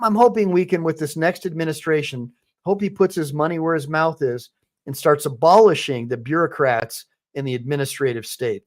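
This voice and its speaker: Attorney guy ranting over clips, kinda high voice, mocking and blunt. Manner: combative, mocking, opinionated. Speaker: attorney reacting to videos. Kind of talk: commentary on played clips.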